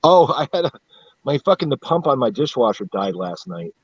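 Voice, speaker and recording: A husky-voiced man from central upstate New York chats on a live stream, rambling through stories full of swearing and laughing at himself. His voice sits in a middle pitch. The sound is dry and a little dull, like a lo-fi stream mic. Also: big pitch swings, normal speed, no room sound. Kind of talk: casual chat.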